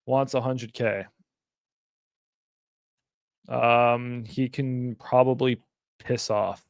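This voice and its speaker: A man's voice: mid-range voice, gravelly, a little mellow, no echo. A young man hosting a casual livestream, talking bluntly and animatedly, with frequent swearing. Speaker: livestream host.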